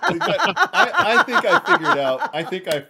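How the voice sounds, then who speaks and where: A man's voice: sits high, huge pitch swings, brisk, sharp tone, a little hiss or hum. A man co-hosting a podcast in casual conversation, playful and laughing as he mimics others. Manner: playful, laughing, swings his voice widely when mimicking.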